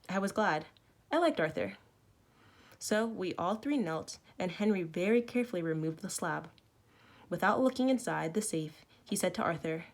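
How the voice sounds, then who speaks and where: A woman teacher reading a novel aloud to her students, expressive, with small self-corrections. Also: on the low side, normal speed. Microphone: recorded at home for online learning.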